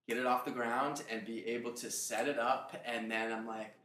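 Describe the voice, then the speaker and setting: Animated man telling stories in a roomy space. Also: mid-range voice, normal speed. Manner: animated storyteller, acts out others' lines. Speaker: travel company founder. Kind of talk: casual group conversation. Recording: echoey room, faint background noise.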